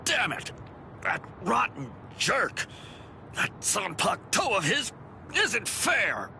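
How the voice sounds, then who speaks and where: A man's voice: fairly high pitch, huge pitch swings, slow, gravelly, sharp tone, slight background noise, heavily acted. An actor playing a beaten, furious male warrior in a video game, cursing in frustration. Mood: frustrated.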